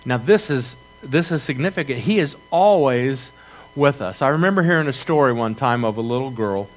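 A man's voice: mid-range voice, lively intonation, moderate pace. A middle-aged man preaching a sermon, reading scripture and telling stories with rhetorical questions to his congregation. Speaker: pastor.

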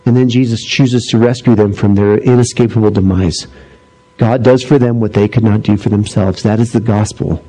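A middle-aged man preaching a sermon, animated as he tells stories and acts out voices, dropping low and slow for solemn points. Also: poor audio. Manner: animated storytelling, acting out voices. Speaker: pastor.

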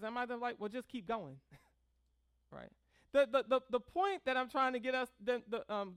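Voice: mid-range voice, clean tone, dry recording. A pastor preaching a conversational sermon, checking in with the congregation and stressing key words. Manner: conversational preaching with frequent "right?" check-ins; animated, leans hard on key words.

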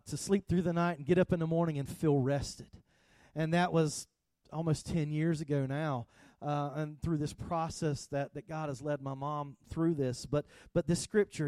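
A man preaching a sermon, talking conversationally and getting louder and livelier when he speaks to the congregation. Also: no echo. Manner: conversational, rises in pitch and energy when engaging the congregation. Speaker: pastor.

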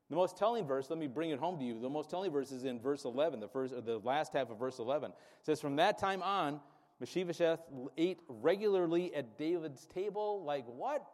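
A man with a somewhat high voice delivers a sermon in an echoing church hall. He talks straight to his congregation, leads them in repeating phrases and often stops to ask whether they follow. The long reverb of the room trails after his words. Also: a little mellow. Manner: call-and-response, checking in with the congregation. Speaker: pastor.

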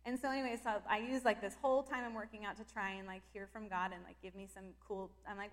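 A Christian speaker, a woman with a medium-pitched voice, shares her personal faith testimony quickly and casually. She's emotional and animated, fills her talk with "like," and breaks into laughter.

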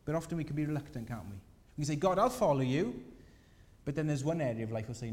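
A man preaching a sermon, telling a scripture story with lively voices for the people in it. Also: fairly high pitch, fast. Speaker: pastor. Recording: long hall reverb.

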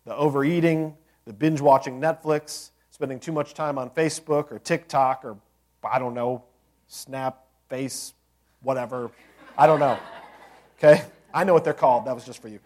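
A man's voice: mid-range voice, fairly even intonation, normal speed, a little mellow. A man preaching a sermon as a pastor, conversational, with joking asides and rhetorical questions to the congregation.

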